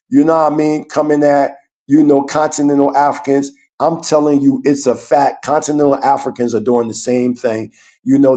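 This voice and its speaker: A man with a mellow, warm voice pitched a little high speaks as a guest on a casual streamed talk. He speaks earnestly and rambles, with plenty of fillers. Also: low-quality recording.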